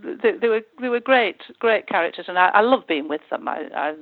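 An older woman, a former actress, reminisces in an interview with halting, amused speech full of restarts. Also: medium pitch, expressive, no room sound. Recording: tinny, dry phone-like line.

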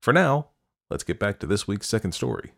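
Low-voiced man narrating a story. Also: big pitch swings, fairly quick, background noise. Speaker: podcast host and story narrator.

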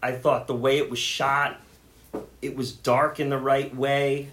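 A man's voice: mid-range voice, little pitch movement, measured pace, a bit bright, a little hiss or hum. A man co-hosting a casual podcast about a movie, rambling and repeating words as he starts his sentences. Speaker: podcast co-host. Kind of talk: casual chat.

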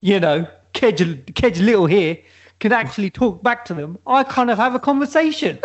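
A man's voice: high-pitched, expressive, normal speed, dull audio. A man co-hosting a podcast, telling a comic story in a rambling way with many restarts. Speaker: podcast co-host. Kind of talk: comedic casual chat.

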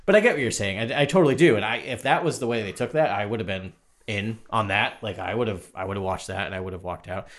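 Low-voiced man musing over a film. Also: quick pace. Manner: reflective, conversational, tags lines with "right?". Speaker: podcast co-host. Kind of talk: casual film discussion.

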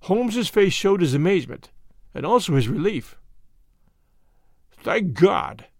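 A man narrates an audiobook with measured, expressive storytelling. His voice is high and very animated in pitch. The recording is dry and close. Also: no echo. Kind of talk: scripted narration.

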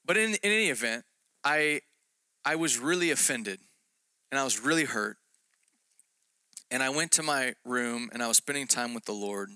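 A male preacher gives a relaxed, conversational sermon and pokes fun at himself as he tells his story. His voice is intense and forceful yet smooth and resonant. It is recorded close and dry, with no room sound. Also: medium pitch, moderate pace, pauses often, no echo. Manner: self-deprecating storytelling with jokes.

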